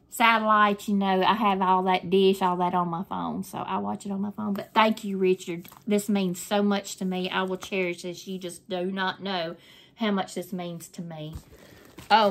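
A woman's voice: medium pitch, fairly bright tone. An older woman, chatting effusively to her viewers while opening mail in a casual vlog. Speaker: craft vlogger.

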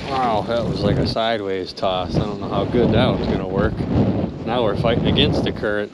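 A man hosting a magnet fishing vlog from a boat on a river, exclaiming excitedly and talking straight to his viewers. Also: lowish voice, brisk. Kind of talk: excited outdoor vlog narration. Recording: clear outdoor boat and water noise. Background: boat and water noise.

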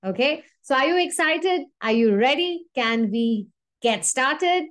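Woman teaching vocab on her channel, talks slow, bit high pitched, repeats every example and keeps asking okay? yeah?. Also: no room sound. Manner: animated, repeats example phrases with emphasis; frequent checking "okay?" and "yeah?". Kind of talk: video lesson to camera.

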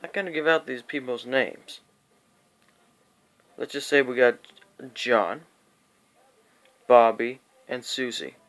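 A man's voice: mid-range voice, takes it slowly, pauses often, fairly bright tone. A young man telling a rambling, profane storytime vlog, acting out quotes and sometimes dropping into a whisper. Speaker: vlogger.

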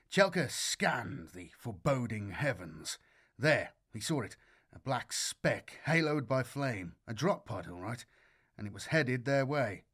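A man giving a measured, scripted audiobook narration of a war story. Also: medium pitch, very animated, fairly bright tone, slightly rough.

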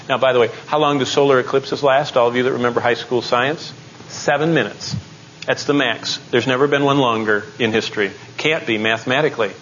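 A man delivers a dramatic sermon from scripture, lifting his voice on emphasis and slowing down on key words. The recording sounds a bit dull and lo-fi, with a faint hiss of background noise behind him. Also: medium pitch, a bit bright. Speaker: pastor and Bible teacher.

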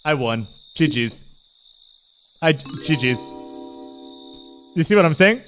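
A man commentating his gameplay in an excitable, joking way, often putting on hammy lines. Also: a little high, takes it slowly, long pauses, soft background music. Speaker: gaming youtuber.

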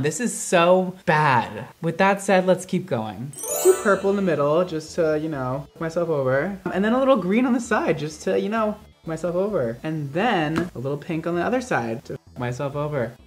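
A man hairstylist vlogging casually as he colors hair, with dramatic, exaggerated, self-mocking reactions. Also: fairly high pitch.

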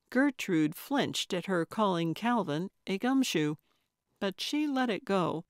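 Slow, measured woman narrating. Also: mid-range voice, lively intonation, dry recording, clean studio sound. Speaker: audiobook narrator. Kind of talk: scripted narration.

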